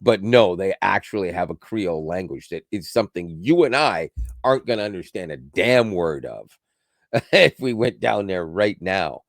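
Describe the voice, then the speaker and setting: A man's voice: deep voice, animated, moderate pace, no echo, clean studio sound. A man co-hosting a podcast, chatting casually in a rambling way with frequent restarts and laughs. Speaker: podcast co-host. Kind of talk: casual chat.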